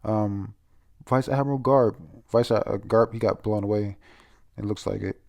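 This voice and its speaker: A man talks through a comic chapter in a loose, rambling way, stumbling over names and breaking into laughs. His voice sits low with a gravelly fry, and he swears casually as he reacts. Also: steady tone, normal speed, a little mellow. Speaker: manga chapter reviewer. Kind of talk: casual chapter review read-aloud.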